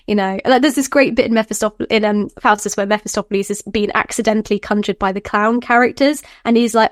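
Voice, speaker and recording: A woman scholar, a podcast guest, explaining in an animated way, laughing often and acting out quotes. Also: on the high side, fairly quick, no room sound, clean studio sound. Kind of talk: podcast interview.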